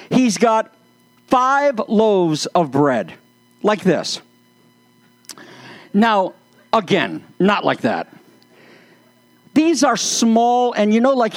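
A man's voice: high-pitched, no echo. A man preaching a sermon, telling playful, self-mocking stories and stretching words for emphasis. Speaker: pastor.

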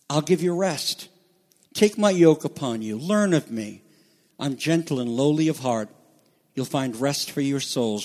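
A man's voice: mid-range voice, a little mellow. A man preaching a sermon as pastor, reading scripture and explaining it earnestly.

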